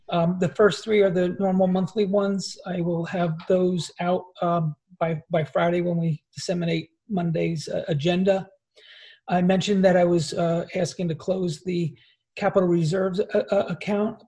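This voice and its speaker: Man, business administrator, halting, lots of ums, mellow tone, high voice. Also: husky, poor audio. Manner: halting, many fillers and repeated words. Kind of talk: meeting report. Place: school board meeting.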